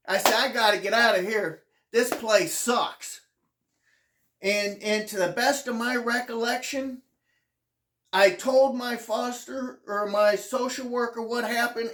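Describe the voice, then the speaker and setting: A host recounting a hard personal memoir at an unhurried, drawn-out pace. The delivery is earnest and halting, with sentences restarting as the emotion surfaces, close to tears at times. The pitch sits in a middle range. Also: reverberant. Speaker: channel host.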